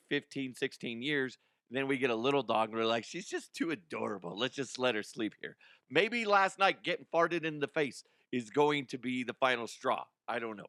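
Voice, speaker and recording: A middle-aged man hosts a comedy news podcast, spinning a rambling, self-amused anecdote and breaking into laughter as he goes. His voice is bright and forward, with a dry, close sound and no room around it. He has an easy, mid-pitched delivery. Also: clean tone, dry recording. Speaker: podcast host. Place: podcast studio.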